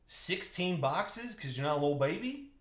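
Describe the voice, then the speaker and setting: Lively joking man hosting a live card break. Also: on the high side, moderate pace, echoey room. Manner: joking, riffing with viewers by name.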